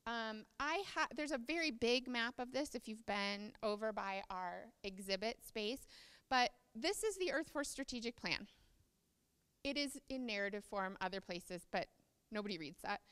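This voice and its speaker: A woman's voice: a little high, lively intonation, moderate pace, fairly bright tone, smooth, big-room sound. A woman giving a conference presentation, explaining ideas and reading passages aloud from notes on a podium microphone.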